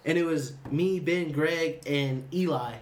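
A young man in casual chat, telling stories with animated energy and quoting people as he goes. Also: a little high, measured pace. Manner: animated storytelling, slips into quoted voices.

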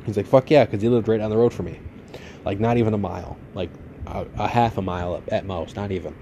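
Male podcast host, late 20s, low mellow voice, loose profane storyteller. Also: steady tone, fast talker, muffled recording, slight background noise. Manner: rambling, profane, laid-back. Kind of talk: casual storytelling monologue.

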